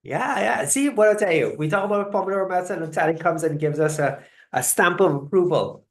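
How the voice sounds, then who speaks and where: A host running a live online talk, teaching motivational lessons and telling stories in an animated way. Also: mid-range voice, brisk. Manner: animated storyteller, shifts loudness often. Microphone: video call. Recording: roomy echoing sound.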